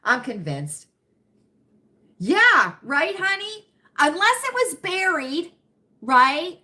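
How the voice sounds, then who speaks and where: American woman, livestream host, casual chat, dramatic, high voice. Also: very animated, takes it slowly, sharp tone. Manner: chatty, dramatic, calls viewers friends.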